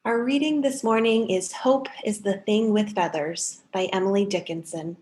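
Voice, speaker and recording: A woman speaks at an everyday mid pitch in a calm, measured and earnest way, the tone of someone leading a worship service. She introduces songs and reads aloud with a steady, reflective voice. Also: reverberant. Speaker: worship leader.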